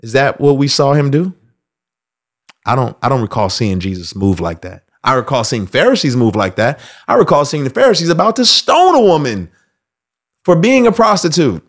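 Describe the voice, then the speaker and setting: Male host, casual monologue, animated, swings his pitch widely, breaks into loud acted-out quotes. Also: normal speed. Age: adult. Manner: animated, acts out quoted voices with loud outbursts.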